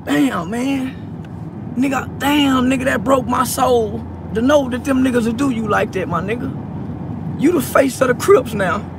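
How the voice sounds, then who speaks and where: A man's voice: very high voice, a little slow, gravelly, background noise. A tearful man speaking straight to camera in an emotional monologue, stammering through repeated words and pleading from the heart. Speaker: online personality addressing a peer.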